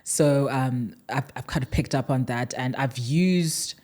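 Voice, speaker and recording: This is a South African woman whose accent carries a slight American tinge. Her voice sits remarkably low for a woman. She chats casually as a podcast guest, laughing often and restarting her sentences. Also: measured pace, a little mellow. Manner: chatty, laughs often, many fillers and restarts.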